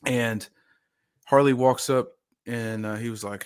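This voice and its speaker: A man in his thirties spins animated football stories on a sports podcast, acting out quoted lines loudly and laughing between them. His voice sits at a mid pitch and sounds close and dry, with no room around it. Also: moderate pace, no room sound. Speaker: podcast co-host, former lineman. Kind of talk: casual storytelling chat.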